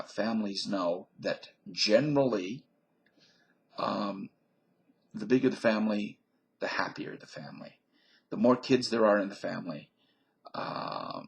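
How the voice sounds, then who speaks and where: A man's voice: lowish voice, moderate pace, creaky, slightly rough, low-quality recording. A man reading an article aloud on his channel, casual and jokey, wandering off into digressions and fussing over pronunciations.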